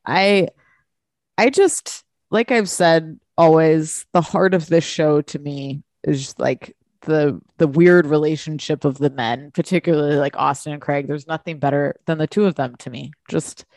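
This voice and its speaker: Opinionated young woman, low voice. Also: unhurried, a little mellow, no echo, studio quality. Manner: opinionated, laughs often, swears. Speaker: podcast co-host. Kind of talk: casual chat.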